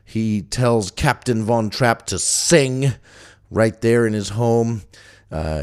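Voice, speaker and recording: A man's voice: lowish voice, darkish tone, clean tone. A man hosting a casual solo podcast, rambling and chatty with frequent fillers and restarts. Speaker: podcast host.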